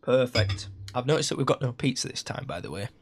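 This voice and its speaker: A man streaming a game live, chatting along and breaking into excited shouts. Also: medium pitch, quick pace, gravelly. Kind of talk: live gameplay commentary. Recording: steady background noise.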